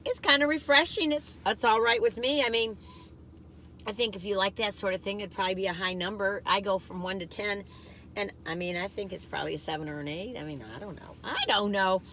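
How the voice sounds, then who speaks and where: A woman's voice: mid-range voice, a little fast, bright, forceful tone, slight background noise. A chatty woman vlogging a food taste test, rambling as she eats and laughing often. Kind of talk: casual chat.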